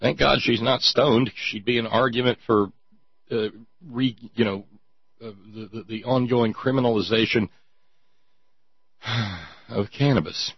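Sardonic talk-show man, husky lo-fi voice. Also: mid-range voice, measured pace, pauses often, dry recording. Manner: mocking, reads listener messages aloud. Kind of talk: casual sardonic commentary. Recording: dull lo-fi sound.

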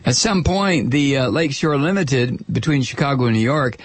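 Sarcastic husky-voiced male talk host. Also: medium pitch, expressive, normal speed, dry recording. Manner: sarcastic, incredulous, rambling with restarts. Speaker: radio talk show host. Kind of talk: opinionated talk radio monologue.

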